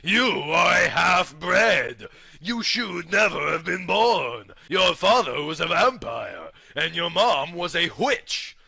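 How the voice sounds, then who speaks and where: A man voicing a furious, unhinged male werewolf king who shouts his words slowly. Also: high-pitched, sing-song, vocal fry, breathy edge, no echo, studio quality, exaggerated voice. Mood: raging. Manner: shouting, slow and drawn out.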